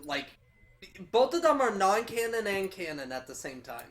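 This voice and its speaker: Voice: mid-range voice, very animated, normal speed. A speaker in a casual game commentary who insistently corrects others, repeating the point.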